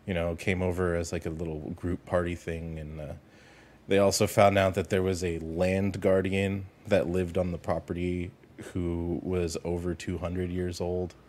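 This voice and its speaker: A man co-hosting a casual podcast, telling stories in a relaxed, easygoing way. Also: deep voice, normal speed. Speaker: podcast co-host.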